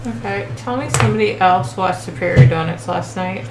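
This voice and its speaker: A woman's voice: lowish voice, fairly quick, very noisy. Chatty woman player in an echoey room. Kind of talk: casual tabletop chat.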